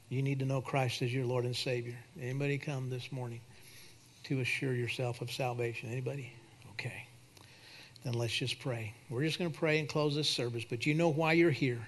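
A man preaching a sermon and leading a prayer at a church service, swinging from loud declarations to quiet prayer. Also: medium pitch, a little hiss or hum. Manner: preaching, rising to shouts then dropping to a soft prayer. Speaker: pastor.

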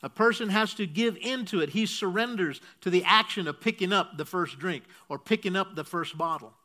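Speaking a little fast in a high, bright, forceful voice, a male pastor walks the congregation through a point one step at a time. He checks in often with "okay?" and asks them to repeat.

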